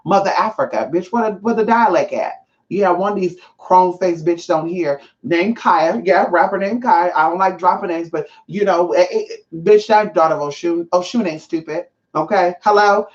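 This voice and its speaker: A woman's voice: lowish voice, moderate pace, darkish tone, lo-fi sound. A woman hosting a livestream from home as a spiritual teacher. She talks in a casual, sassy and emphatic way and swears freely.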